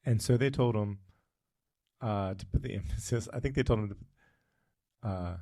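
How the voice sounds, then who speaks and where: A man's voice: on the low side, moderate pace, warm tone, no room sound, studio quality. A man co-hosting a casual podcast, telling a long story with frequent tangents and fillers. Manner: rambling, goes off on tangents, many fillers. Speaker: podcast co-host.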